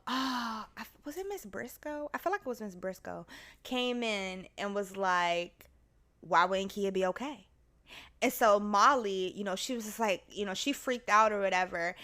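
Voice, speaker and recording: A woman podcast host telling a story in casual chat, animated and laughing, acting out the people in it. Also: mid-range voice.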